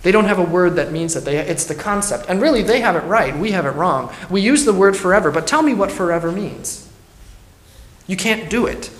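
A man's voice: fairly high pitch, fairly bright tone. A man, a pastor, teaching a Bible study in an earnest, emphatic way and thinking aloud as he goes. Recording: roomy echo.

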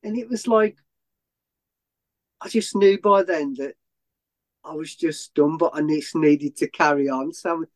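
A man's voice: a little high, unhurried, pauses often. A man, a runner being interviewed, who tells a long story in a rambling way with many restarts and self-corrections. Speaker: ultrarunner guest.

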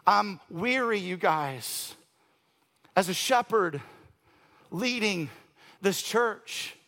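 Male pastor, forties, preaching a sermon: high-pitched, gravelly delivery that swings between loud and hushed, with casual, joking asides. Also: lively intonation, very slow. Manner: conversational asides and dry humor.

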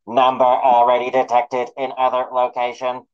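A man voicing a hostile hovering robot sentinel that barks orders in a slow, mechanical way. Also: mid-range voice, monotone, clean tone, lo-fi sound, natural voice. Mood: barking. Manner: barking, commanding.

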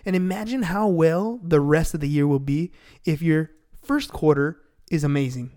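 A man's voice: a little high, normal speed, warm tone. A man in his thirties hosting a business podcast, talking energetically and motivationally, often tagging lines with "right?". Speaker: podcast host and sales coach. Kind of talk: casual podcast chat.

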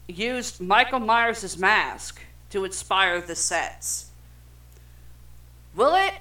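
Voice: mid-range voice, sharp tone. A young adult podcast co-host reading film trivia aloud in casual chat, swearing freely and stumbling over words.

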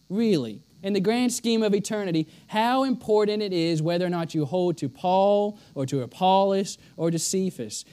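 A man delivering a sermon in a notably high voice. He presses each point hard and often says it twice for weight. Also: a little mellow. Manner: emphatic, repeats lines for stress. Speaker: preacher.

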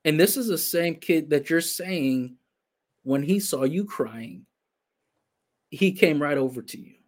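A man hosting a broadcast interview, talking in a reflective, halting way with many restarts. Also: a little high, expressive. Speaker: host. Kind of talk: interview conversation, livestream.

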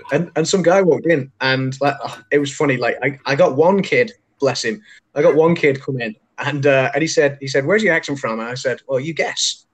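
A man's voice: medium pitch, a little fast, husky. A man from England, a podcast co-host chatting casually and telling anecdotes with frequent laughter. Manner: chatty storyteller, laughs often, lively when telling anecdotes. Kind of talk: casual chat.

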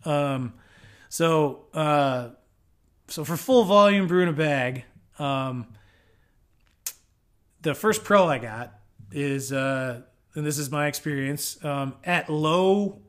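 A man's voice: on the high side, takes it slowly, long pauses. A man hosting a casual homebrewing explainer, rambling and swearing often, with lots of fillers. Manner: rambling, profane, frequent fillers. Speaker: homebrewing show host.

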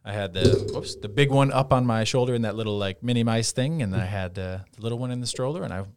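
A man's voice: mid-range voice, fast, clean tone. A man in his thirties chatting casually, telling stories and acting out quoted lines with energy. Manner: animated storyteller, acts out quoted lines. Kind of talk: casual chat.

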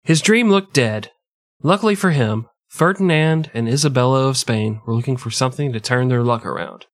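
A man's voice: mid-range voice, normal speed, dry recording, studio quality. A man co-hosting a podcast, telling history as crude, joking comedy and putting on mock voices. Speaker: podcast co-host.

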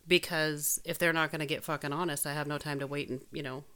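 A woman's voice: sits low, steady tone, fast talker, sharp tone, smooth. A woman in casual chat, telling a personal story earnestly and frankly, with casual swearing.

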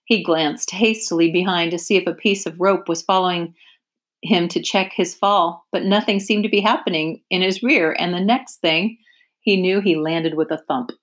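A woman teacher reading a children's chapter book aloud with clear, expressive narration. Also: on the low side, moderate pace. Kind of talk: storybook read-aloud.

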